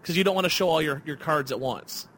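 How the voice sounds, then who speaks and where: A man's voice: a little high, quick pace, fairly bright tone, slight background noise. A man hosting a casual podcast chat, talking with enthusiasm and rambling through restarts. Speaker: podcast host.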